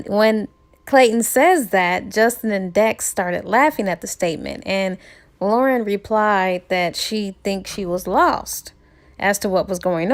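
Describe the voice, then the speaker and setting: A young woman casually retelling a romance novel, chatty with frequent laughs and fillers. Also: mid-range voice. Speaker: book reviewer.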